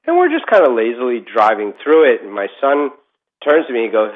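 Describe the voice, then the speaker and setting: A man's voice: mid-range voice, wildly swooping pitch, fairly quick. Middle-aged guy rambling through a spooky story, um and uh everywhere, kinda muffled audio. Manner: rambling, many fillers and restarts. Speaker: podcast guest telling a ghost story. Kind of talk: casual storytelling.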